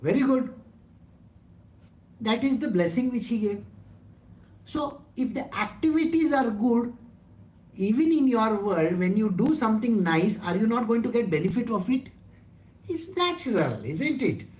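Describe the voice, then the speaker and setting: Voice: medium pitch, big pitch swings, a little slow, long pauses, darkish tone. A spiritual teacher gives a conversational satsang discourse, asking rhetorical questions and joking. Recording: roomy echo.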